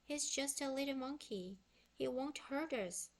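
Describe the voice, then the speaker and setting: A woman reading a storybook aloud, voicing an eager, spunky young girl with a raised, excited tone; her first language is Korean. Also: high voice, unhurried, pitched above the performer's own voice. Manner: bright, excited and pleading.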